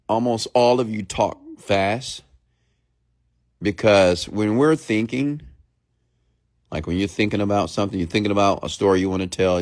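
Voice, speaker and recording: A low-pitched man speaks at a very slow, measured pace. He weighs every word as he coaches an online audience and keeps checking that they follow. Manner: slow, deliberate speech with long pauses, often checking in with the audience; mimics fast rambling talk to show the contrast. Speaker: motivational speaker on a live stream. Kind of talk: live-stream coaching talk.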